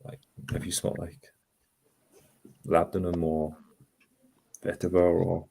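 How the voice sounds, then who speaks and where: Deep, mellow-voiced man. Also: completely flat delivery, takes it slowly, gravelly. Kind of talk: casual chat.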